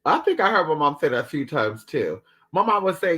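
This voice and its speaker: Animated, profane man telling family stories. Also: on the high side, brisk, husky. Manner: animated, profane, dramatic, calls listeners girl. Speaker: storyteller. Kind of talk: casual storytelling chat.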